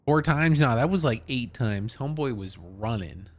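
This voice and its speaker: A young man with a medium-pitched voice streams a game live, chatting at a moderate pace. Excitable, he swears a lot and yelps whenever something startles him.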